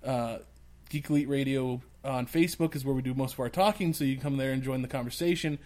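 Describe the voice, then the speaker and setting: A man's voice: medium pitch, fast talker, darkish tone. A man hosting a podcast in casual chat, laid-back and restarting his phrases. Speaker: podcast host.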